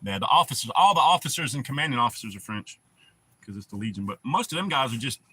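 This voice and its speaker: A man's voice: mid-range voice, sing-song, fast, pushed and bright, husky. A man hosting a casual livestream, rambling in a laid-back way and swearing often. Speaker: livestream host.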